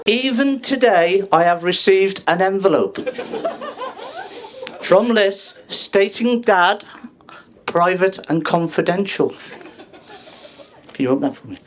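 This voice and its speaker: A man in his fifties giving a jokey father-of-the-bride speech at a wedding reception, teasing guests and pausing for laughs. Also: high voice, lively intonation, slight background noise.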